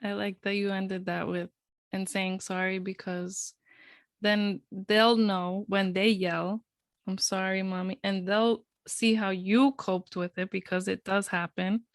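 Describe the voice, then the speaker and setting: Podcast co-host, woman, mid pitch, chatty, dry close mic. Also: little pitch movement, slow, no room sound. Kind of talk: casual podcast chat.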